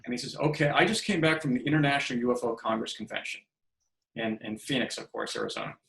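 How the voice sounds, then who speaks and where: A man in his fifties speaks at a quick pace in a medium pitch with vocal fry, and the rough recording is reverberant. Guesting on a podcast, he tells casual stories and animatedly acts out the dialogue he quotes.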